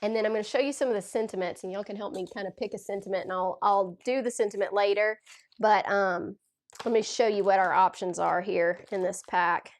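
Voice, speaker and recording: A woman's voice: medium pitch, steady tone, brisk. Chatty Tennessee-accented woman with a cold. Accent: Tennessee Southern. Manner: chatty, gushing, reads out viewer comments. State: has a cold. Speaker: crafting livestream host. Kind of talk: casual livestream chat while demonstrating card making.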